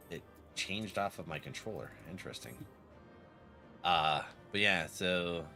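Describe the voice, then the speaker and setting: A man's voice: sits low, bright, forceful tone. Laughing streamer man with a cold. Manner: rambling storyteller, laughs often. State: has a cold. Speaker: game streamer. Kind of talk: casual gaming stream chat.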